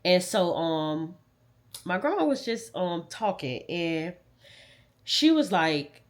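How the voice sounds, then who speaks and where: A woman tells a painful personal story, circling back over the same moments. Her slightly low voice runs casual and conversational, full of dialect grammar. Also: very animated, takes it slowly. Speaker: vlogger. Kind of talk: emotional storytime.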